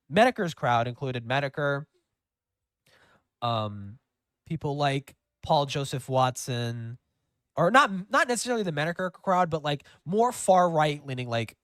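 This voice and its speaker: A man's voice: medium pitch, fairly bright tone, no room sound, clean studio sound. A man hosting a livestream in casual chat, rambling with lots of fillers and swearing. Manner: rambling, profane, with many fillers. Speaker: streamer host.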